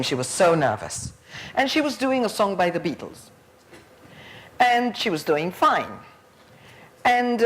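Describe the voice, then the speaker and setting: Animated woman giving a lecture. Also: mid-range voice. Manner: lively storyteller who acts out quoted voices. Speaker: plenary conference speaker. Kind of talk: conference lecture. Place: conference hall.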